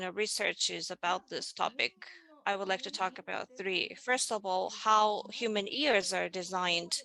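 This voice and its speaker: A woman presents over a video call, her mid-range voice unhurried and deliberate. She explains each idea step by step and leads her listeners through simple vocal exercises. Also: mid-range voice, vocal fry, bright, forceful tone. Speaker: presenter in a panel dialogue. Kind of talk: online presentation on voice and music.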